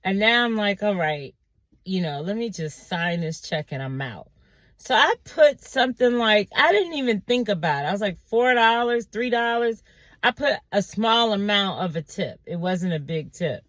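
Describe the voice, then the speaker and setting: A woman vlogger telling a story in a casual monologue, animated and exasperated, acting out the quotes in a higher voice. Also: normal speed, no room sound.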